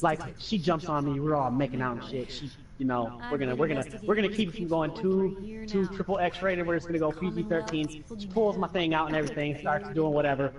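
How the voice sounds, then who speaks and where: A man's voice: on the high side, a little fast, far from the mic, crowd noise. A young man casually telling profane stories over gameplay, acting out his friends and family. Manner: animated, profane, acts out quoted friends and family. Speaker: streamer telling stories while playing.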